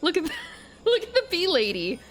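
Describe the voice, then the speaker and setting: A woman's voice: very high voice, wildly swooping pitch, normal speed, a little hiss or hum. A woman streamer chatting casually while she plays, rambling and correcting herself as she goes. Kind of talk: casual gaming commentary.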